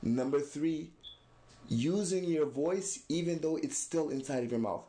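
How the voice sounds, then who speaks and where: A man's voice: a little high, dark tone. A man teaching Quran recitation, patiently demonstrating each letter sound step by step and praising the learner's attempts. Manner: patient, demonstrates sounds slowly and repeats them. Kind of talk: step-by-step pronunciation lesson.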